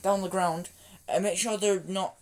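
A man, co-hosting a casual podcast chat, rambling, excitable and quick to laugh as he jumps between topics. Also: high voice. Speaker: podcast co-host.

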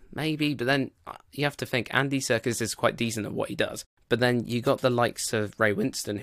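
A man's voice: fairly low pitch, vocal fry, fairly bright tone, no echo, clean studio sound. A man giving a casual spoken film review, rambling and loose with plenty of "like" and "you know".

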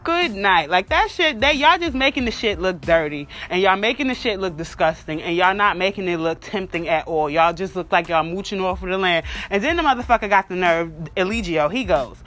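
A woman's voice: lowish voice, expressive, fairly quick, few pauses, a bit bright. A woman hosting a podcast, ranting bluntly and mockingly in casual chat, full of profanity. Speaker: podcast host. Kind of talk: casual opinion rant.

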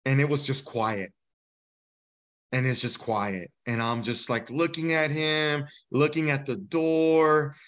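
An army veteran appears as a podcast guest, telling a personal story bluntly and casually, acting out the dialogue and saying "bro." His voice is medium-pitched, steady, and fairly bright, and he speaks at a slow pace.

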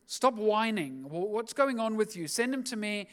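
A man's voice: high voice, lively intonation, moderate pace, a bit bright. A man voicing a blunt prophet who brushes off a king's worry. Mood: brusque. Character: blunt, no-nonsense old male prophet.

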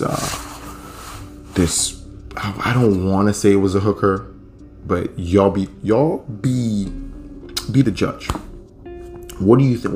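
A young man hosting a podcast, telling a story in a laid-back, profane, rambling way. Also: deep voice. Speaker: podcast host. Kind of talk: casual storytelling.

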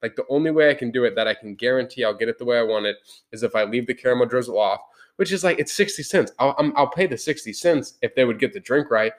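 A man's voice: medium pitch, fast. A young man hosting a podcast, telling a heated story in casual chat. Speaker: podcast host. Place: podcast room.

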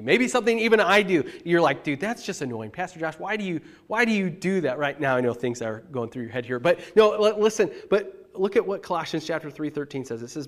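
A man, the pastor, giving a conversational sermon, animated and emphatic, talking straight to his congregation. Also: medium pitch.

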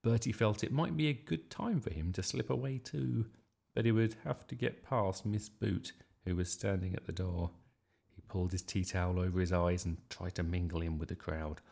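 A man reading a children's story aloud in a lively, expressive way. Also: low-pitched, normal speed, gravelly. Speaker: storybook reader.

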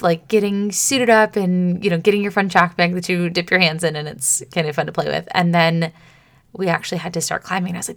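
A woman hosting a solo coaching podcast, talking casually and chattily and acting out her own inner voice. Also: fairly low pitch.

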